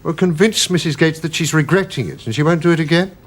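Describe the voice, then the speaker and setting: An actor playing a tired, polite government official exasperated by a family quarrel. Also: male voice, on the high side, quick pace, lightly acted. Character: weary, upright naval civil servant.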